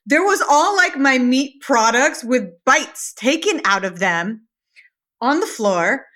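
A woman's voice: sits high, animated, takes it slowly, pushed and bright. A woman guest on a podcast, telling a story in a casual interview and acting out the quotes with animation.

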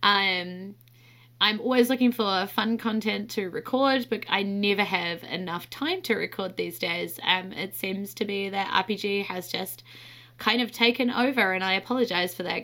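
A young woman with a New Zealand accent talks straight to her podcast listeners in a loose, candid monologue. Her voice is bright and forward, sitting at an ordinary pitch for a woman, and she laughs often as she goes. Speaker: podcast host.

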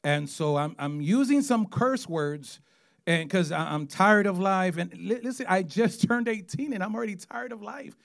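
A man in his forties, an evangelist telling his testimony in a sermon, animated and acting out quotes. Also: sits high, moderate pace, creaky. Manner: animated storytelling, acts out quotes.

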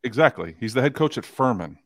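A man's voice: mid-range voice, lively intonation, brisk, dry recording. A man co-hosting a casual sports talk podcast, rambling, stammering and firing off rhetorical questions. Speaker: podcast co-host.

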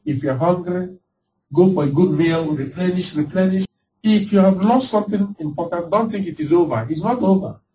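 A man preaching a lively sermon as pastor, laughing often and acting out voices of the people he describes. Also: high voice, brisk. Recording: distant mic with faint background noise.

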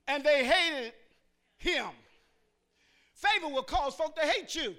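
A male preacher with a very high voice delivers a call-and-response sermon in a church. His tone is sharply bright. He moves from quiet asides to shouted emphasis, repeating lines rhythmically and prompting the congregation to answer. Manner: rhythmic, repeats phrases and urges the crowd to answer.

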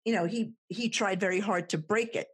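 A woman with a New Jersey accent in a casual chat, animated and laughing often. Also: mid-range voice, fairly quick, slightly rough.

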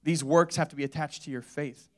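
Young male preacher, slightly high voice, casual and repetitive sermon delivery, quick to laugh. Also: steady tone. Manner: conversational, repetitive, laughs often. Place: church.

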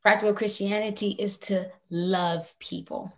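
A woman's voice: medium pitch, steady tone, measured pace. A woman hosting a faith podcast, speaking in an encouraging, preacherly way. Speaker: podcast host.

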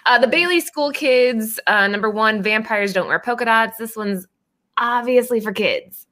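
A woman's voice: on the high side, normal speed, bright, forceful tone. A woman hosting a casual comic book podcast, upbeat and moving the show along. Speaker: podcast host. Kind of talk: casual chat about comic books.

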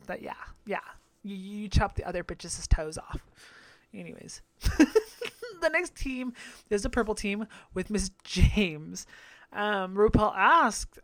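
A man's voice: sits high, animated, slow pace, dry recording. A man hosting a podcast, recapping a reality show in a brash, profane, gossipy way with frequent laughter. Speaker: podcast host.

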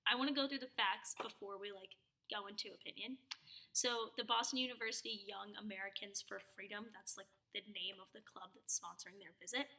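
A woman's voice: mid-range voice, steady tone, brisk, pushed and bright, far from the mic. A young woman in a casual news chat, setting out the facts of a story.

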